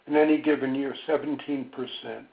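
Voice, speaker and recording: A man speaking as a psychologist in a webinar, gentle and reflective, with many ums and pauses. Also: mid-range voice, fairly even intonation, creaky. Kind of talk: slow, thoughtful webinar talk. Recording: tinny phone-line sound.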